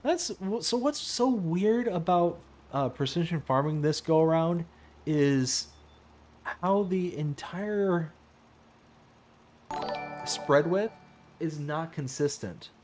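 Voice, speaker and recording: While live-streaming a farming game, a man chats casually and animatedly with viewers, laughing often and replying to their messages. His voice is on the high side, slow, and full of pauses, with slight background noise.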